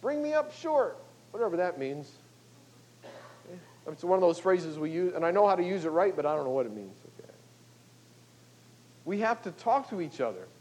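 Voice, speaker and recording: An older male pastor delivers a sermon in a relaxed, conversational way, checking in with his listeners as he goes. His voice sits fairly high for a man. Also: normal speed, long pauses, dull audio. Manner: conversational, folksy, with frequent "okay?" and "you know".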